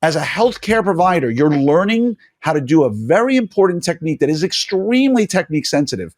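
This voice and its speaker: A middle-aged man hosts a casual interview, his pitch swinging widely as he lectures and exhorts his listeners. He talks emphatically and rambles with "um" and repeated words. He sounds like a practitioner sharing hard-won opinions with his peers. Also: very animated, brisk, darkish tone. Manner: emphatic and preachy, with many fillers and restarts. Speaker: podcast host and orthodontist.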